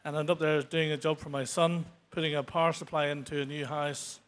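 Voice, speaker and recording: A man giving an unscripted church testimony, halting and earnest. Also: on the high side, little pitch movement. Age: 60s. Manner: halting, many restarts and fillers; earnest, grows emotional toward the end.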